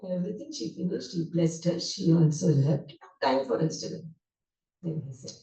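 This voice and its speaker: A woman's voice: on the low side, animated, normal speed, warm tone. A woman, a guest speaker animatedly telling emotional memories in a devotional talk. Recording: roomy hall, distant mic.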